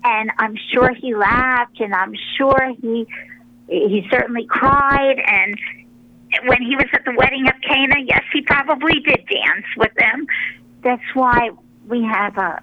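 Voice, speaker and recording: A woman, a religious sister, telling stories in a relaxed radio interview, pausing often with fillers as she rambles along. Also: fairly high pitch, muffled recording. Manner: rambling, warm storytelling with many pauses and fillers.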